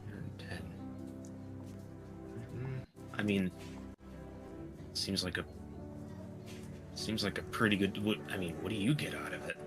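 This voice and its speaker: A man's voice: low-pitched, measured pace, long pauses, music in the background. A man voicing a shy, hesitant young street drummer in a tabletop game. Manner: hesitant, stammering, self-deprecating.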